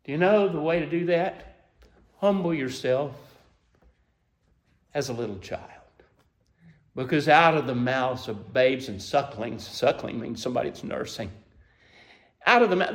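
A man preaching a sermon, telling the story emotively and asking listeners to imagine themselves there, climbing to excited peaks and then dropping soft. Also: mid-range voice, a little slow. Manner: asks listeners to imagine scenes.

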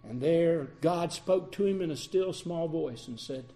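A man preaching a sermon, swinging between loud declarations and hushed passages. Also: on the high side, unhurried.

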